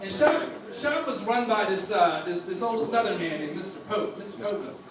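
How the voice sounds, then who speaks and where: A man telling a funny story to a live audience, animated and laughing, acting out other people's voices. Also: sits high, normal speed, recorded from a distance. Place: stage before a live audience. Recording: echoey hall, voice from off mic.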